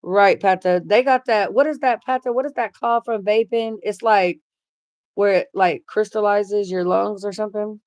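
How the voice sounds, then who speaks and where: A middle-aged woman runs a casual livestream, reading chat comments aloud and chatting bluntly with plenty of swearing. Her voice is medium-pitched and darkish, with fairly even intonation and a moderate pace. There's no echo.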